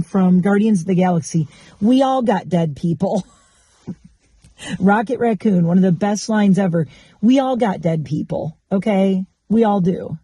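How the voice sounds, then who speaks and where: A woman's voice: mid-range voice, dark tone, no echo. A woman vlogger in casual chat, talking candidly and bluntly and swearing freely.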